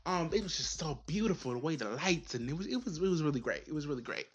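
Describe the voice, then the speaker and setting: Young woman rambling through a show review, cusses a lot, real low voice that jumps around. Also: lively intonation, quick pace, husky, highs cut off. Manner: chatty, profane, lots of fillers and repeats. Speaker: video reviewer. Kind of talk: casual recap and commentary.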